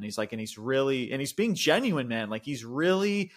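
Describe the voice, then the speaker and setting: Rambling, animated male podcast host. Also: mid-range voice, normal speed. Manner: loose, rambling, peppered with fillers and swearing; animated retelling, laughs often. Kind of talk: casual wrestling recap chat.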